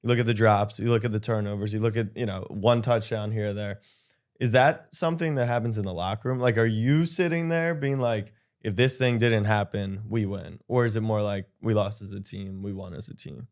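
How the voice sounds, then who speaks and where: A man's voice: fairly low pitch, a little fast, a little mellow. A man hosting a podcast, asking chatty, easygoing follow-up questions in casual conversation. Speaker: podcast host. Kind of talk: casual podcast interview chat.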